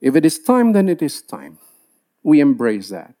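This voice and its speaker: A man preaches with a high, earnest voice that swings up and down as he acts out what believers say. His tone is pleading and direct, the voice of a pastor in front of a church. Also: huge pitch swings, moderate pace, warm tone. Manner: earnest, switches into Tagalog, acts out believers' complaints. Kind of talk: sermon.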